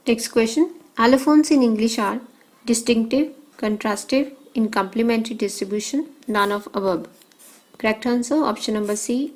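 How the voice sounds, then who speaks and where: A woman teacher working through exam questions, reading out options and answers in short measured phrases. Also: mid-range voice, low-quality recording.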